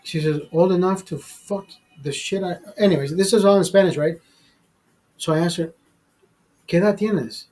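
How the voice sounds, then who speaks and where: A man's voice: high voice, moderate pace, darkish tone, rough recording. A man hosting a live stream, telling a personal story in a rambling, profane way full of fillers and restarts. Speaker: show host telling a story. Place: studio.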